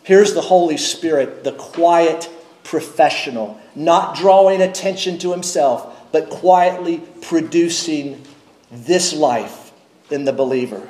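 A man preaching a sermon from the pulpit, measured and emphatic, slowing down to stress key words. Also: a little high, a little mellow, reverberant, rough recording. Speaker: pastor. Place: church sanctuary.

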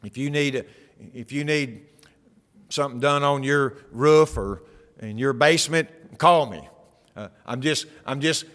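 A man with a fairly high-pitched voice preaching a sermon, talking to the congregation in a conversational way and asking them rhetorical questions. His voice carries a long reverb, as in a large hall. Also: fairly bright tone. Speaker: pastor.

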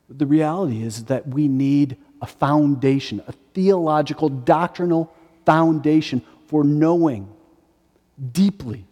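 A man's voice: fairly high pitch, warm tone, long reverb tail. A man in his forties preaching a sermon as a pastor, emphatic and repeating his key phrases. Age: 40s.

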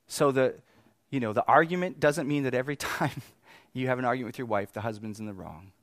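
A man in his thirties preaching, telling a family story with animated swings between exasperated outbursts and quiet reflection. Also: medium pitch, quick pace, dry recording, clean studio sound. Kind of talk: sermon storytelling.

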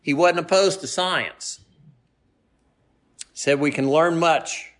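A man hosting a show, relaxed and folksy, saying y'all as he sets up a clip. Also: fairly high pitch, slow. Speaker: host presenting a clip. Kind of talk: casual talk to listeners.

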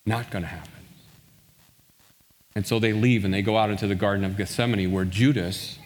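A man's voice: fairly low pitch, steady tone, fast talker. A man preaching a sermon, telling a story and acting out the quoted lines. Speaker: pastor. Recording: long hall reverb.

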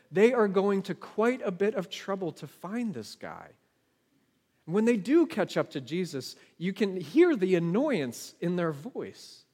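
A male pastor delivers a sermon with a high voice that rings through a long hall reverb. He speaks earnestly and keeps asking the congregation questions. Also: a little mellow. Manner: earnest, asks the listeners questions.

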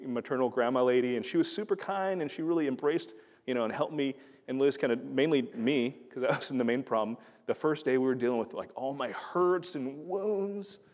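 A middle-aged man preaches in an earnest, conversational style, stumbling over restarts as he talks. His voice sits at an ordinary pitch, and a long reverb trails each phrase as if in a large hall. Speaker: pastor. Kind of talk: sermon.

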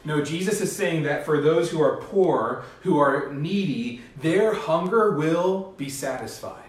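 A man's voice: a little high, expressive, unhurried. A male pastor preaching a sermon in an earnest, emphatic manner, with rising bursts. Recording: echoey hall, distant mic.

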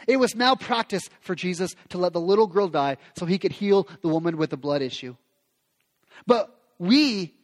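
A man preaching a sermon as pastor, speaking with passion and acting out quoted prayers. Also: high voice. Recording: long reverb of a large hall.

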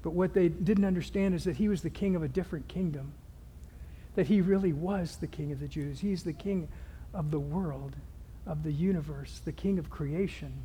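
High-voiced preaching man in a big hall. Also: normal speed, a little hiss or hum. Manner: preaching with sweeping swings from hushed to loud. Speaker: pastor. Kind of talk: sermon.

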